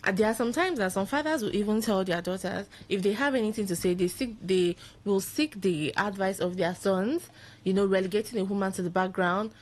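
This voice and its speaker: A woman with a Nigerian English accent speaks as a guest on a radio talk show in a studio. Her voice has a middle pitch, and she makes her points in an earnest, persuasive way. At times she acts out the sharp, scolding voices of parents. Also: brisk.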